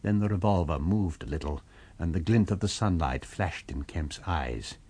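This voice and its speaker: A man narrating a novel in a measured storytelling manner. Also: deep voice, lively intonation, a little mellow, slightly rough. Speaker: audiobook narrator. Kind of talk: scripted narration.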